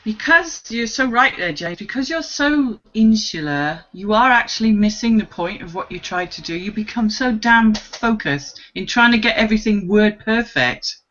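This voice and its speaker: A woman in a casual group video chat, animated and laughing often as she acts out her own thoughts. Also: on the high side. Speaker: co-host. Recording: dull lo-fi video call audio.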